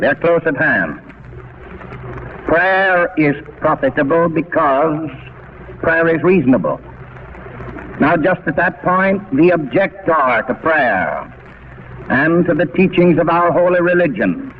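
A male preacher delivers a radio sermon in a fairly high voice. He speaks deliberately and rhetorically, repeating words for emphasis. The recording is dull and carries a faint hiss.

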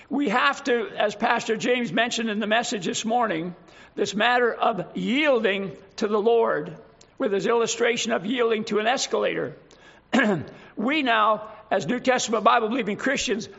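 A man preaching a sermon in a slow, emphatic way, reading scripture aloud and explaining it. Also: high-pitched, vocal fry, a bit bright, highs cut off.

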